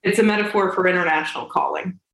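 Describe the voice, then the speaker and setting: A woman in her twenties co-hosts a podcast over a video call, chatting casually in a dry, teasing manner. Her voice is fairly low and fairly bright with vocal fry, and she speaks fast. The call has a roomy echo.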